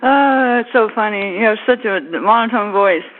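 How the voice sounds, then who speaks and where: A woman's voice: mid-range voice, moderate pace, noisy background. A woman working a hotel front desk who answers a call in a giggly, easily amused way over a tinny phone line.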